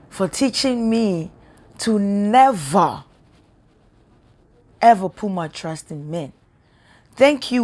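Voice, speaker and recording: An earnest woman preaches straight to her viewers, impassioned and repetitive. Her voice is of middle pitch and rises with feeling. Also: a little mellow. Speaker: spiritual vlogger. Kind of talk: emotional preaching monologue.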